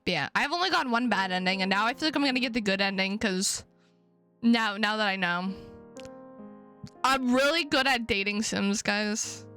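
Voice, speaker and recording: A woman's voice: mid-range voice, moderate pace, sharp tone, soft background music. A woman streamer chatting playfully and swearing freely while reading a visual novel's text aloud. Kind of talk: casual live-stream chat, reading game text aloud.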